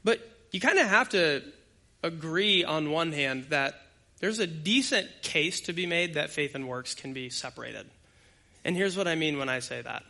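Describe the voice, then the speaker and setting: Bright, emphatic male preacher. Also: a little high, lively intonation, moderate pace, creaky. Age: adult with young children. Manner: conversational, emphatic preaching that addresses the congregation directly. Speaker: pastor. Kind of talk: expository sermon.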